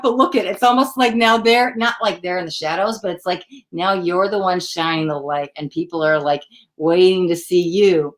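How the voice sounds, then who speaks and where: A woman hosting a live psychic tarot reading, talking straight to the viewer in a chatty, excitable way and often breaking off mid-sentence. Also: lowish voice, fairly quick. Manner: chatty, excitable, self-interrupting, addresses viewer directly. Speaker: psychic tarot reader, host.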